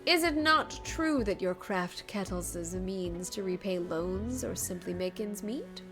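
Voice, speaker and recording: A woman voicing a pompous, courteous older male goldsmith and merchant in a fan voice-over of a game cutscene, speaking in a measured, formal way. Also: mid-range voice, lively intonation, fairly bright tone, soft background music, voice pushed down. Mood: composed.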